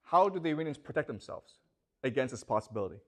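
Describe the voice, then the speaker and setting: A man's voice: mid-range voice, sing-song, quick pace. A man lecturing a class, constantly checking that his students understand with rhetorical questions.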